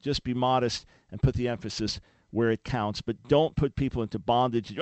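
An earnest man hosting a call-in radio show, preacherly and emphatic, often restarting his words. His voice sits at an ordinary pitch. It is recorded dry and close in the studio. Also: fairly even intonation, normal speed, darkish tone, no echo. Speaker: radio talk show host.

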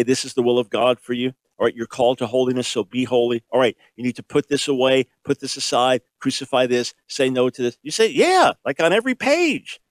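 A man preaching a sermon, emphatic and repetitive, asking rhetorical questions and shifting between quick and slow delivery. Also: medium pitch, dry recording. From grew up in a Jewish home. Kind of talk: sermon teaching.

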